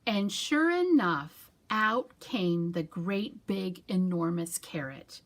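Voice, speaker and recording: A woman's voice: lowish voice, animated, slow. A woman children's librarian leading a storytime, reading a story with sound effects and doing hand-motion rhymes.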